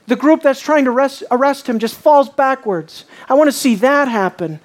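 Male preacher, sermon, expository, hushed low emphasis, questions to audience. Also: expressive, moderate pace. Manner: expository, drops low and quiet on key lines.

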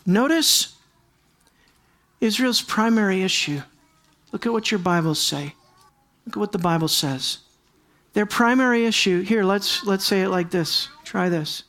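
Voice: medium pitch, lively intonation, measured pace, pauses often, fairly bright tone. A pastor preaching a sermon to a congregation, addressing them directly and repeating key words for stress.

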